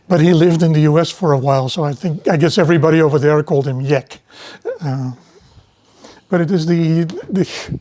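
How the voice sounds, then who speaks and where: A middle-aged man giving a university lecture in a relaxed, digressive way, often restarting his sentences. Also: fairly high pitch.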